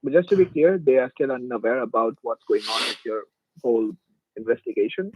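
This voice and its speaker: A man's voice: mid-range voice, fairly even intonation, brisk, a little mellow, a little hiss or hum. A man on a phone call, coaxing and giving step-by-step instructions as a bank agent. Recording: dull phone line.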